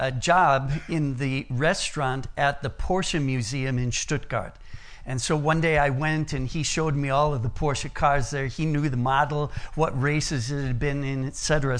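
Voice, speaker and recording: A man's voice: on the high side, a bit bright. A middle-aged man preaching a sermon, plain-spoken, who illustrates his point with a long personal story and humorous asides.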